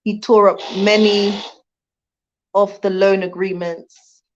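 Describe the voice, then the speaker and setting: A woman's voice: medium pitch, level tone, takes it slowly. Woman chatting on a lo-fi livestream. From Jamaica. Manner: chatty, laughs often, thanks viewers warmly. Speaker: livestream host. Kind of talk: casual livestream chat reading viewer comments. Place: home in Rwanda.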